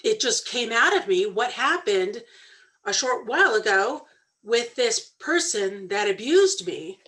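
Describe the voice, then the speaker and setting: A woman candidly telling her own story on a talk show, earnest and animated when she quotes others. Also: on the high side, unhurried, rough recording. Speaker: podcast co-host sharing her story.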